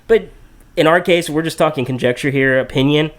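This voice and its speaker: A man's voice: on the high side, a little fast. Man musing aloud with frequent tag questions. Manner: thinks aloud, many restarts and tag questions. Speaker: podcast host. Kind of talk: casual discussion.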